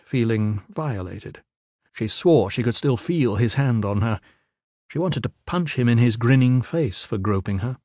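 A man's voice: mid-range voice, no room sound. Man reading a novel in a dry booth. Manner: steady, measured storytelling. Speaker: audiobook narrator. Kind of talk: scripted narration.

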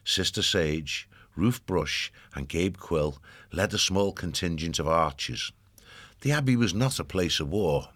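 A man narrates an audiobook in a very low voice with a steady, measured pace. He is recorded close to the mic in a dry room with no echo.

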